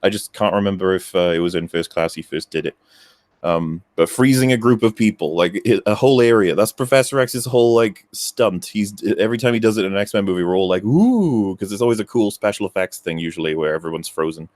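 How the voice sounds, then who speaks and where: A man's voice: low-pitched, quick pace, a little mellow, no echo. A young man, guest on a casual podcast, ranting animatedly and acting out his own reactions. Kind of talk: casual chat.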